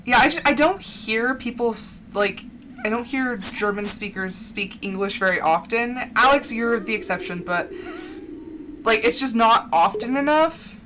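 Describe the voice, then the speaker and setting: A chatty American woman talks casually on a game livestream, giggling often and leaning on "like". Her voice sits a little high, and a faint hiss runs underneath. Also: animated, a little slow, bright, forceful tone. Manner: chatty and giggly, heavy use of "like". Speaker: game streamer.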